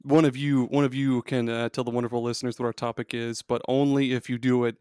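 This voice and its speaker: A man's voice: medium pitch, little pitch movement, quick pace, a little mellow, smooth, dry recording, clean studio sound. A man hosting a podcast, talking in a loose way, swearing and laughing often. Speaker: podcast host. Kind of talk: casual podcast chat.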